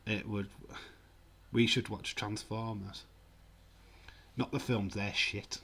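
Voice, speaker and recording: A man's voice: lowish voice, steady tone, slow pace, gravelly, bright, forceful tone, breathy edge. A man in his forties with a Yorkshire accent, hosting a casual livestream, joking, laughing often and reading out viewer comments. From England. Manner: jokey, laughs often, mild swearing. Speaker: livestream host.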